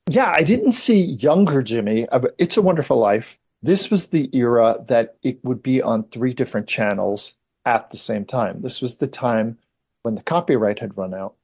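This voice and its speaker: A man's voice: medium pitch, lively intonation, moderate pace, darkish tone, slightly rough. Rambling, storytelling man in his fifties. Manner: rambling anecdotal storyteller, many asides. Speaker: actor, interview guest. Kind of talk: casual interview chat.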